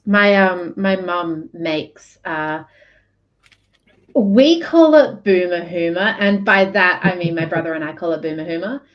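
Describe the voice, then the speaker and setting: A woman chatting on a video call, rambling and hesitant, quick to laugh. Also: lowish voice, expressive. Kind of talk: casual live-stream chat. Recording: dull lo-fi call audio.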